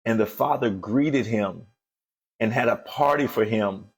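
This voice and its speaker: Husky-voiced man preaching with fervor. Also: fairly low pitch, measured pace. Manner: emphatic, repeats phrases, builds to fervent exhortation. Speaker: motivational speaker, host of a daily show. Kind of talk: motivational sermon.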